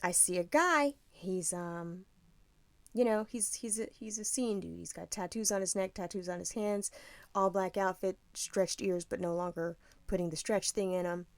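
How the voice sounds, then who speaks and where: A woman's voice: fairly low pitch, normal speed, no room sound. A woman from Tampa, Florida, co-hosting a podcast, telling a story in a casual chat, acting out other people's voices and laughing often. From Tampa, Florida, USA. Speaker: podcast co-host.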